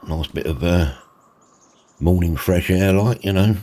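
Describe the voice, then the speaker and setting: This low, warm male voice moves a little slowly. As host of a casual farming roleplay, he narrates and chats in a relaxed way, throwing in "mate" often.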